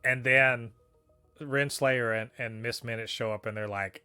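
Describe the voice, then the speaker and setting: A man's voice: medium pitch, fairly even intonation, a little slow, sharp tone, smooth, dry recording, faint music behind. A man co-hosting a casual review podcast, talking animatedly and profanely, laughing often and exclaiming in disbelief. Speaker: podcast co-host reviewing a TV episode.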